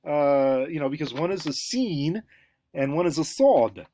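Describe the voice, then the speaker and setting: A man giving a casual recorded lecture, hesitant, with many fillers and restarts, and animated when he acts out examples. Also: on the high side, unhurried.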